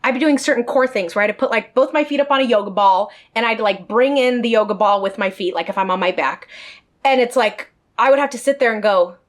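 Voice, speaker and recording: A woman's voice: a little high, brisk. A woman telling a personal story in a storytime vlog, speaking directly to her viewers. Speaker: vlogger.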